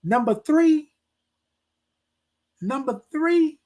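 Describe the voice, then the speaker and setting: A man's voice: very high-pitched, animated, drawn-out words, dark tone. A man hosting a live morning stream, giving motivational talk straight to his viewers and repeating his key points. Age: adult, military veteran. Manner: preachy, repeats key phrases, talks to viewers directly. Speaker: host of a live morning show.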